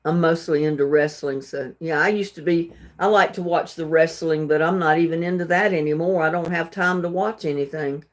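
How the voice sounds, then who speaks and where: A woman's voice: sits low, fairly even intonation, fairly quick, hardly any pauses. A woman hosting a casual trivia livestream, reading questions aloud and chatting with viewers, laughing often and stumbling over words. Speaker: livestream host.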